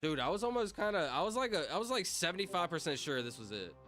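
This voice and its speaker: A man's voice: high-pitched, sing-song, fast, a bit bright, soft background music. A young man chatting casually on a livestream, reading out comments and reacting in slang. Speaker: streamer.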